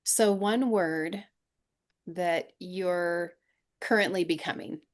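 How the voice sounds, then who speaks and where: A woman's voice: on the low side, slow pace. A woman hosting an interview, asking short prompts in an encouraging way. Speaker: interview host. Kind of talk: conversational interview.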